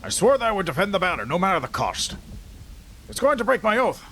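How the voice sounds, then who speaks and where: A man's voice: fairly high pitch, sing-song, fast, fairly bright tone, slight background noise. A man voicing a weary, battle-worn male dwarf who guards a banner, reading game dialogue aloud in character in a solemn, loyal tone.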